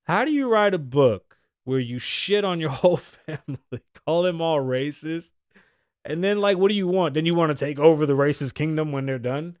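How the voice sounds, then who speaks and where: A man's voice: fairly high pitch, lively intonation, normal speed, no echo, studio quality. A man in his thirties from the United States, hosting a podcast with a brash, profane, opinionated solo rant. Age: 30s. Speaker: podcast host.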